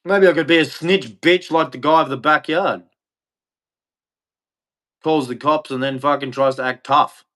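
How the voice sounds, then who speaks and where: Angry Australian man ranting, fairly high voice. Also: steady tone, a little slow, pauses often, a bit bright. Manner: bitter, profane, repeats himself. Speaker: vlogger.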